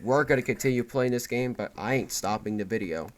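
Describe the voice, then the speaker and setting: A man's voice: mid-range voice, a little fast. A man playing a horror game, reading its story text aloud earnestly and breaking into startled exclamations. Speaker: gaming video creator.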